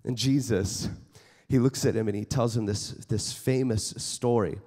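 A man giving a conversational chapel sermon to students, acting out everyday scenes with quick quoted voices. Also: medium pitch, steady tone, a little mellow. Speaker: chapel speaker. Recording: long hall reverb in a chapel.

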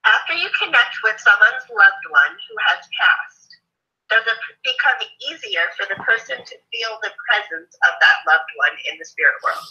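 A woman's voice: mid-range voice, animated, moderate pace, pushed and bright, muffled recording. A woman moderator reading out a viewer's question plainly.

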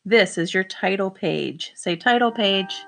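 A woman teacher reading a picture book aloud to young children, slowly sounding out words and praising them. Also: medium pitch, gravelly, noisy background. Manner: slow, encouraging, sounds out words.

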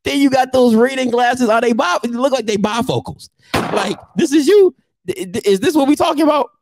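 A man's voice: extremely high pitch, expressive, a little fast, background noise. A man vlogging casual comedic roasts of his commenters, teasing and laughing often.

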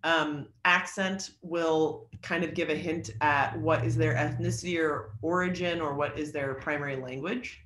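A man's voice: on the high side, fairly even intonation, moderate pace, few pauses, fairly bright tone, reverberant. A man teaching an online creative writing class, chatty and joking, with lots of fillers. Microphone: video call.

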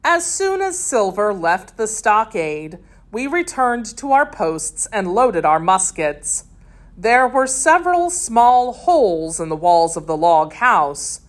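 A woman reading a children's adventure story aloud with steady, expressive storytelling. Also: mid-range voice, takes it slowly. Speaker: narrator.

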